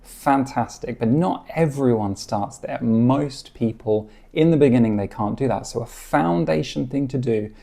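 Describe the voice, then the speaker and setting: A man teaching a guitar lesson, explaining calmly and encouragingly, counting beats aloud and singing short snippets. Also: mid-range voice, a little slow, vocal fry, few pauses.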